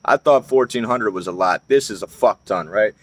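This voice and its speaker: A man's voice: lowish voice, moderate pace, fairly bright tone, no echo. A young man telling a personal story in a casual, rambling way, swearing often and restarting his sentences. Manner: rambling, profane, frequent fillers and restarts.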